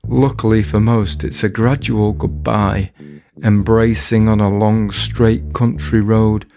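A man performing deadpan spoken-word comedy, reading his own short pieces at a late-night recording session. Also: fairly low pitch, creaky, over music. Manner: slow, dry and understated.

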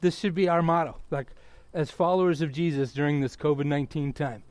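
A middle-aged male pastor preaching a sermon, excitable, bursting into yelling and then dropping back to a quiet, close tone. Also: fairly high pitch, fairly quick, dry recording.

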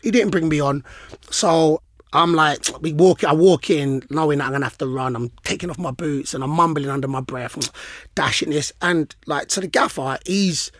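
A man co-hosts a podcast. His voice sits high and he tells stories animatedly, slipping into street slang. The sound is close and dry. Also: moderate pace, no room sound. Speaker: podcast co-host. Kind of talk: casual podcast chat.

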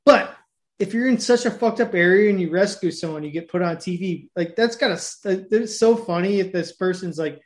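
A man co-hosting a podcast, talking in a crude, rambling, animated way and telling stories full of swearing. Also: sits high, fairly quick. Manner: profane, rambling, animated storytelling. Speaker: podcast co-host. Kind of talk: casual crude chat.

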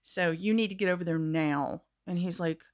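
A woman telling a bawdy story in casual chat, animated and acting out the voices of the people in it. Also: lowish voice, normal speed. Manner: animated, acts out quoted voices, laughs often. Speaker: storyteller guest.

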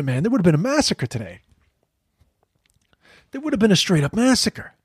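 A man's voice: high-pitched, big pitch swings, normal speed, long pauses, breathy edge, dry recording, clean studio sound. A man giving heated, profane political commentary in a casual rant, often stumbling and repeating words.

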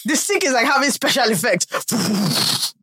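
A woman with a Nigerian accent co-hosts a podcast in casual chat. She tells stories with animated energy, her fairly high voice jumping into sudden exclamations. The sound is dry and close to the mic. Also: measured pace, husky, dry recording. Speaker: podcast co-host.

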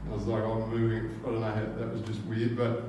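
A man's voice: lowish voice, level tone, fast talker, warm tone, a little hiss or hum. Rambling Australian man telling a story live. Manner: rambling, casual, swears freely. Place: live arts venue stage. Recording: roomy live hall from a distance.

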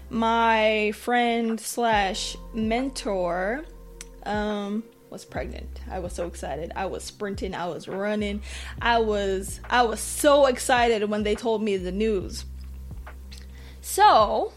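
A woman's voice: a little high, a bit bright. A young adult woman hosting a podcast, telling a personal story in a candid, self-deprecating way, acting out quoted thoughts. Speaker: podcast host.

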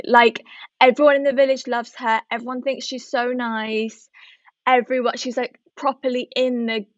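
A woman's voice: fairly high pitch, no echo. Chatty woman, dull dry sound. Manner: chatty, storytelling with many likes and ums. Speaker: podcast co-host. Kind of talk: casual chat.

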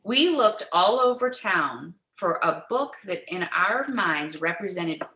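A middle-aged woman, a guest in an interview, telling a personal faith story in an animated way and acting out the quoted dialogue. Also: lowish voice, takes it slowly, reverberant, low-quality recording.

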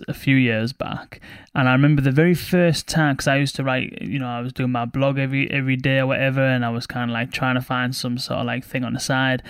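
A man's voice: medium pitch, smooth, no echo. Male podcast co-host, dry close sound, chatty storytelling with restarts. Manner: anecdotal storytelling with stammered restarts. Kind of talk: casual podcast discussion.

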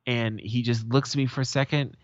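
A man co-hosting a casual podcast, telling rough family stories full of swearing and acting out the voices of his relatives. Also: mid-range voice, steady tone, a little fast, dry recording, highs cut off. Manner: profane, storytelling, acts out quotes. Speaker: podcast co-host.

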